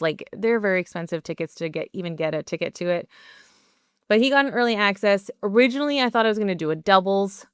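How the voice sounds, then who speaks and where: Young adult woman podcast host, chatty and candid, smooth crisp tone, dry close sound. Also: mid-range voice, dry recording. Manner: chatty, candid storytelling with many "like" fillers. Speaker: podcast host and performance coach. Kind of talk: solo podcast monologue.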